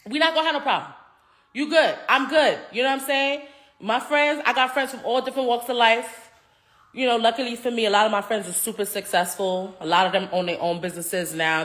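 Animated, laughing woman in her thirties. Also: a little high. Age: 30s. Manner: animated, swears freely, laughs often. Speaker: reality TV cast member. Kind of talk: casual interview chat.

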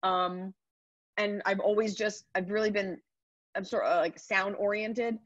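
A woman in her thirties, a comedian, chatting upbeat and quick in an interview over a video call. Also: mid-range voice, fairly even intonation, fairly bright tone, no room sound. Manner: chatty, upbeat, rapid asides. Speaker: comedian guest. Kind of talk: casual interview answers. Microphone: computer mic on a video call. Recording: dry, dull video call audio.

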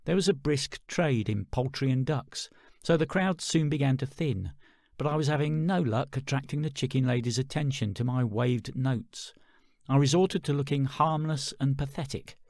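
Wry gravelly male narrator. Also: mid-range voice, normal speed, a little mellow, no room sound, studio quality. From England. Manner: wry, self-deprecating. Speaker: author narrating his memoir. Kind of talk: audiobook narration.

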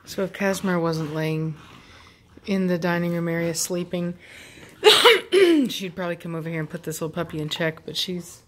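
A woman's voice: lowish voice, lively intonation, moderate pace, pauses often, slight background noise. Chatty woman filming her dogs. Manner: chatty, amused, laughs often. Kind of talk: casual running commentary. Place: home with dogs playing nearby.

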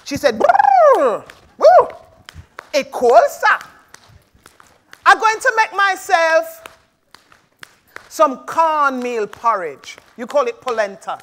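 A chatty old Jamaican woman with a Jamaican accent shivers through her words, as a woman storyteller puts her on. Her voice is high and bright, and she talks slowly. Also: big pitch swings, exaggerated voice. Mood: chilly.

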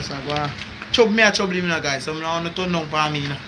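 A man's voice: a little high, very fast. A man with a Jamaican accent chatting casually in laid-back patois as a livestream host. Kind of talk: casual chat. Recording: noisy background.

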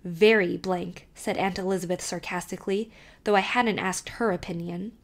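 A woman narrating an audiobook, reading a child's first-person letter aloud with expressive, varied delivery. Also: mid-range voice, fairly quick.

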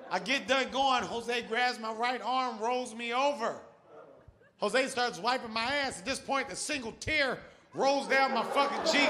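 A male stand-up comedian telling a profane, animated story on a large theater stage, speaking into a handheld mic. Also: very high-pitched, unhurried, a faint crowd. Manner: profane, animated, shouts for emphasis. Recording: live show, loud audience laughter and noise.

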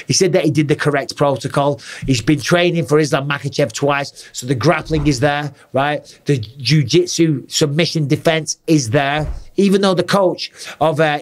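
A former fighter in his forties talks through an upcoming bout with punchy emphasis. His voice sits a little high for a man, and he keeps asking his listener "okay?" and "right?". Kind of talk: fight analysis commentary.

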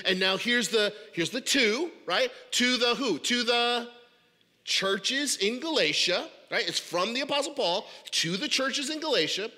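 Congested male pastor, high and bright voice, excitable sermon delivery, reverberant hall. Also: moderate pace. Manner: animated, stammering repeats. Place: church auditorium.

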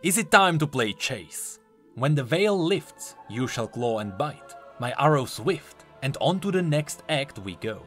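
A man narrating a woman possessed by a wolf spirit, with a guttural, deep voice. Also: sing-song, measured pace, faint music behind. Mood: predatory.

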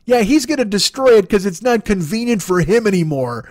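A man in his forties rants his way through a comedic podcast monologue, swearing freely and slipping into mocking voices. His voice sits high for a man. The sound is dry and close, with almost no room in it. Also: a little fast, few pauses, no echo. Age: 40s. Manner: profane, animated, mocking voices in quotes. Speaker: podcast host.

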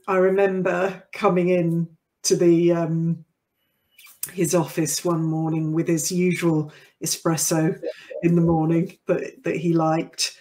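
A woman's voice: fairly low pitch, darkish tone. A middle-aged woman hosting a podcast, chatting in a conversational way with frequent fillers and easy laughter, and closing with a scripted outro. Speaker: podcast host.

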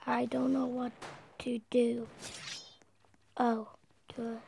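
A woman hosting her gaming channel, her voice gravelly with fry and her pitch fairly high. She speaks slowly and in an even, flat tone. She often drops into whispers before bursting out loudly at the action. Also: slight background noise. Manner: drops to a whisper often, with sudden loud excited outbursts. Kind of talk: gameplay commentary.

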